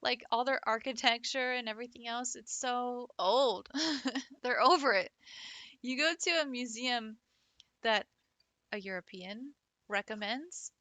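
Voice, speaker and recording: A woman's voice: fairly high pitch, measured pace, pushed and bright, no room sound. A woman who teaches French, chatting casually on a livestream, giggling often and swearing offhandedly. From United States.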